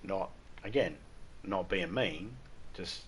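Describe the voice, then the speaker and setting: A man's voice: deep voice, takes it slowly, fairly bright tone, slight background noise. An Australian man chatting casually and rambling through jokes while streaming a game. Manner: rambling, joking, irreverent. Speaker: gaming livestreamer. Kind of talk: casual chat while gaming.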